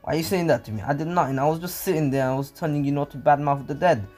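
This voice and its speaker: A man voicing a cocky, easily provoked young male ninja in slangy, muttered lines, quieter and lower than his own narration. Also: little pitch movement, normal speed, faint music behind, close to an everyday voice. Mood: irritated.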